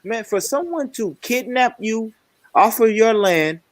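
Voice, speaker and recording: A man's voice: sits high, unhurried, no room sound. A man with a Southern American accent, chatting on a live online panel and telling stories with lots of "you know what I mean.". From Southern United States. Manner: animated storyteller, keeps asking "you know what I mean".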